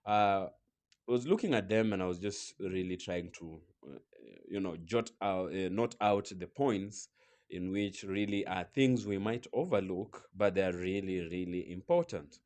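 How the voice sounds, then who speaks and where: A man from Africa giving reflective commentary in an earnest, measured way, pausing often to pick his words. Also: sits low, darkish tone.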